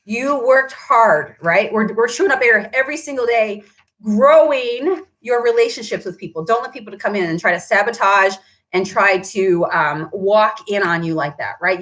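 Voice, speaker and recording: A woman's voice: medium pitch, moderate pace, a bit bright. A woman who runs a paint shop, chatting on a live stream, answering viewer comments and tagging her points with "right?".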